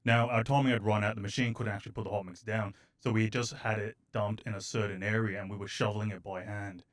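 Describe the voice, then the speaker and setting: A man with a fairly low voice hosts a podcast. He speaks in an easygoing, agreeable way as he shares his own memories of site work. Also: steady tone, fast. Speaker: guest host. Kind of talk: casual podcast interview.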